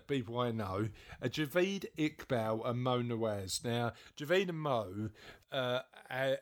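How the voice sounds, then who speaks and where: A man co-hosting a casual podcast, rambling and self-deprecating, often laughing and filling with ums. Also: mid-range voice. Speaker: podcast co-host.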